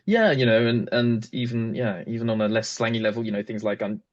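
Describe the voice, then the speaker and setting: A man's voice: medium pitch, fairly quick. Chatty Englishman with a dull lo-fi sound. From England. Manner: chatty, hesitant, many fillers and restarts. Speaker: guest. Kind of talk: casual interview conversation.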